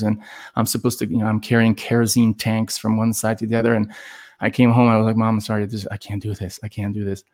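Male guest from Los Angeles, animated storyteller who acts out quotes and leans on fillers. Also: lowish voice, vocal fry. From Los Angeles, USA. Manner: animated, acts out quoted voices, heavy "like" and "you know" fillers. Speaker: podcast guest. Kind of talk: conversational storytelling.

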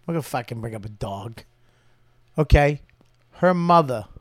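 A man's voice: medium pitch, lively intonation, normal speed, no echo. A man, a guest comedian, bantering and teasing in an argumentative way during casual chat.

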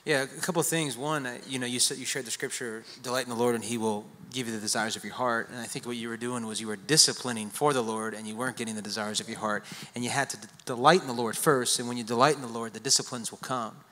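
A man, a pastor, calmly reflecting on and summing up a conversation partner's points. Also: mid-range voice, fast talker, few pauses, big-room sound. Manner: calm, affirming listener who sums up points. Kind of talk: conversational discussion.

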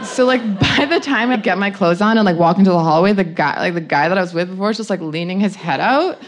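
A young woman recounts a personal anecdote in a frank, chatty way. She laughs often and leans on "like" as a filler, and her voice sits at an ordinary middle pitch for a woman. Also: fast, slight background noise. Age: young adult. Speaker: storyteller.

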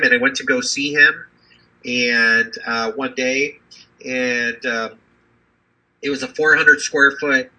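Man, fifties, physician and executive, conversational interview, lots of ums and restarts, raspy. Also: mid-range voice, pushed and bright, poor audio. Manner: rambling, many fillers and restarts. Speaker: physician and family business executive.

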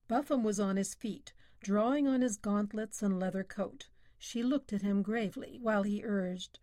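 A woman's voice: medium pitch, moderate pace, a little mellow, no echo. Woman narrating a story, dry close sound. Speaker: audiobook narrator. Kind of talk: scripted narration.

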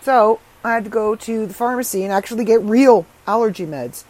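A middle-aged woman podcaster in casual solo chat, chatty and frank, her voice rough and congested from allergies. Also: on the high side, fairly quick, a little mellow, low-quality recording.

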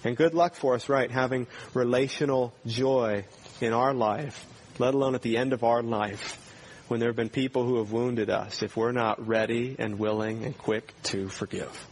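Man, pastor, sermon, earnest, direct questions, mid pitch, faint background noise. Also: steady tone, moderate pace.

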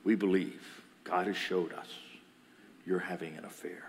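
Low hushed accuser, stern and suspicious, a man putting it on. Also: steady tone, normal speed, gravelly, in a large hall, slight background noise. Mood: accusing. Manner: low, hushed, half whispered.

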